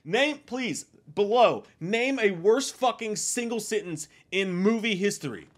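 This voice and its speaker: Loud, animated man ranting about a movie. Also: sits high, a little slow. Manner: animated, swearing, mocking impressions, laughs often. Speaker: movie review host. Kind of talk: casual profane movie rant.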